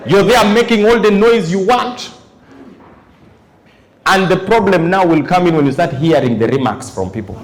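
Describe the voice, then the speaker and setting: A man doing stand-up comedy in front of a live audience, telling animated stories and acting out his characters. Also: high-pitched, moderate pace, long pauses. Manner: animated storytelling, acts out characters. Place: large live venue. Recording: echoey hall, loud crowd laughter.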